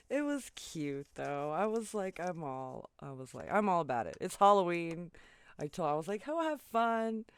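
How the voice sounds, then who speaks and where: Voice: mid-range voice, no room sound. Chatty, rambling crafting vlogger. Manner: rambling, chatty, full of "you know" and "right?" asides; laughs often while telling the story. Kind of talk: casual storytelling while crafting. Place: home basement.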